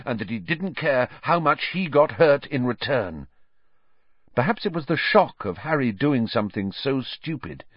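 A man reading a story aloud in a dramatic, measured audiobook style. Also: medium pitch, no echo, lo-fi sound. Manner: dramatic, measured, varied delivery. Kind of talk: audiobook narration.

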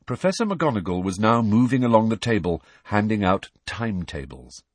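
A man narrating an audiobook in an expressive storytelling manner. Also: lowish voice, normal speed, hardly any pauses, slightly rough, no room sound.

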